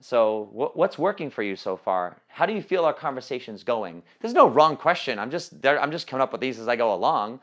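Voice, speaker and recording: A man's voice: medium pitch, very animated, a little fast, few pauses, fairly bright tone. A man leading a training call on coaching sales, talking casually with many fillers and restarts. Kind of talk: teleconference training talk.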